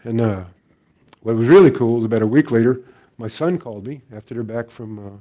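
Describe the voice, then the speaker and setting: An older man giving a talk as a guest teacher, telling stories in a relaxed way with frequent chuckles. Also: medium pitch, a little fast. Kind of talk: storytelling talk.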